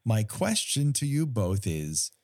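A man's voice: on the low side, very animated, slow pace, a little mellow, dry recording. A man co-hosting a casual movie recap podcast, wry and joking, with casual swearing and frequent laughs. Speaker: podcast co-host.

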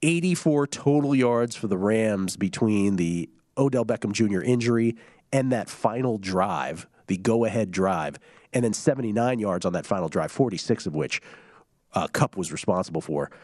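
A man with a fairly low, slightly mellow voice hosts a sports betting show, sounding animated in a studio-quality recording with no echo. He chats casually and reads listener tweets aloud, his quick, loose delivery full of humming fillers and restarts.

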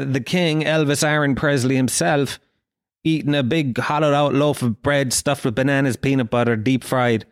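Sweary, self-mocking podcast host. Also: male voice, fairly high pitch, no echo, studio quality. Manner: profane, self-mocking ranting. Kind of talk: comedic podcast monologue.

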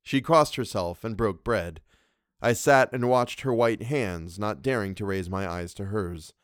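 A man's voice: fairly low pitch, measured pace, no echo, clean studio sound. Man narrating a classic story. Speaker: podcast narrator.

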